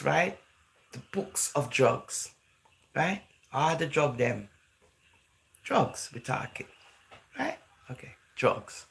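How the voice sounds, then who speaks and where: Gravelly, lively woman vlogger from England. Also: lowish voice. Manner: chatty, full of "you know" and "right?", slips into Jamaican-style phrasing. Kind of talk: casual talking-to-camera monologue.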